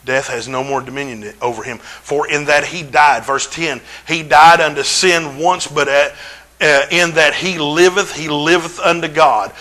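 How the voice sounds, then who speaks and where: A middle-aged man, preaching a folksy, humorous sermon in a church with drawn-out emphasis. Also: fairly high pitch, fairly even intonation, sharp tone, low-quality recording. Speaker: pastor.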